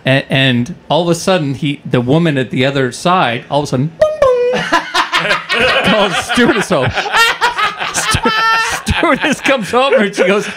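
A man's voice: a little high, big pitch swings, moderate pace, heavy background noise. A man, a podcast guest, telling a story in casual chat, laughing as he rambles with restarts.

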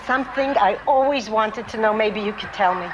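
A woman's voice: mid-range voice, brisk, background noise. A woman playing a chatty, meddling diner customer in a comedy sketch.

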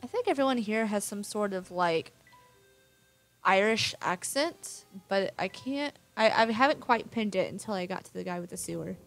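A woman's voice: mid-range voice, expressive, moderate pace, creaky, faint music behind. A woman giving casual let's-play commentary, rambling and thinking aloud as she plays. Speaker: gamer.

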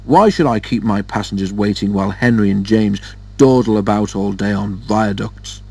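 A man's voice: fairly low pitch, creaky, darkish tone, breathy edge. A man voicing a small, cheeky male tank engine who grumbles and huffs, in a storybook reading. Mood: grumbling. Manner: huffy, quick to grumble.

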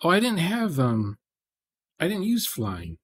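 A man's voice: a little high, wildly swooping pitch, a little slow, a little hiss or hum. A man hosting a programming livestream, rambling in casual chat and muttering to himself as he codes. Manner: rambling, muttering asides while coding.

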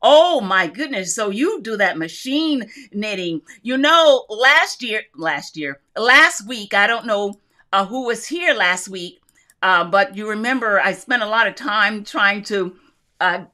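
Bright-voiced woman hosting a live craft chat. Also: mid-range voice, expressive, unhurried. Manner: chatty and upbeat, laughs often, greets viewers by name. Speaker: host of a live craft stream. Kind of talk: casual live-stream chat, reading viewer comments.

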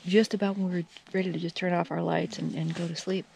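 Woman, casual vlog chat, outdoor campsite, handheld camera, gravelly, faint background noise. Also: lowish voice, quick pace. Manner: relaxed, chatty, with many fillers. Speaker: vlogger filming a hike. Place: outdoor campsite by a trail shelter. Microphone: handheld camera held by the speaker.

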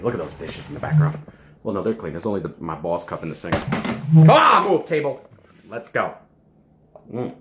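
A man's voice: lowish voice, wildly swooping pitch, moderate pace, pauses often, noisy background. Joking, foul-mouthed man in an echoey kitchen. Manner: profane, joking, rambling. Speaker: supplement reviewer. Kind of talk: casual vlog review. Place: home kitchen.

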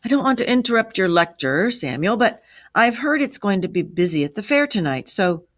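A woman's voice: medium pitch, very animated, a little fast, pitched above the performer's own voice. A woman voicing a grumpy, joking older man in a storybook read-aloud, with dry, teasing lines.

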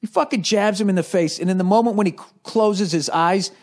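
A man's voice: high-pitched, brisk. A man, a comedian hosting a podcast, telling a story in a casual, rambling monologue full of swearing and restarts. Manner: profane, animated storytelling with many restarts.

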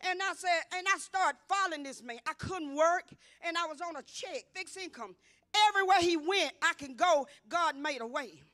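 A woman's voice: very high-pitched, normal speed, pushed and bright, dry recording, studio quality. A woman in her fifties giving a church testimony, telling her story vividly and acting out each exchange, rising to emphatic exclaiming. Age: 50s. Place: church convocation.

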